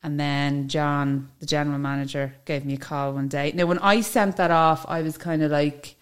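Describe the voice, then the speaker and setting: An Irish woman in casual podcast chat, rambling cheerfully through her story with frequent laughs. Her voice sits on the lower side for a woman. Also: steady tone, normal speed, clear, resonant tone. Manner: chatty storyteller, laughs when nervous. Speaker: funeral director, podcast guest.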